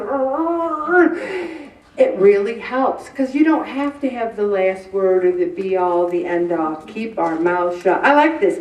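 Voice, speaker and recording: A woman's voice: medium pitch, darkish tone, highs cut off. A middle-aged woman giving a humorous, chatty faith talk on stress, joking and acting out little exchanges. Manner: chatty, jokey, acts out little quoted exchanges. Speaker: inspirational speaker. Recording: echoey room, mic at a distance.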